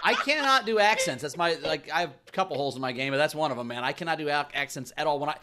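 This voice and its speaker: A man hosting a comedy show, lively and self-mocking, with hypey introductions. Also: on the high side, very fast. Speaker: host. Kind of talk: casual chat and stand-up. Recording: clear crowd noise.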